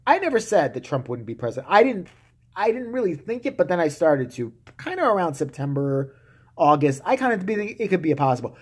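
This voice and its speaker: A man's voice: sits high, sing-song, fast, husky. A man delivering a vulgar, heated, mocking solo rant to camera. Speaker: vlogger.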